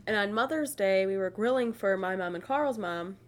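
A woman's voice: medium pitch, lively intonation, moderate pace. A young woman in casual podcast chat, telling stories and acting out quoted lines. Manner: storytelling, acts out quoted lines.

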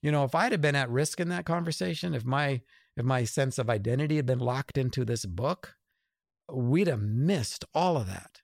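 A man's voice: medium pitch, lively intonation, normal speed, vocal fry, dry recording, studio quality. A middle-aged man, an author and guest, telling a story in casual conversation and acting out the dialogue.

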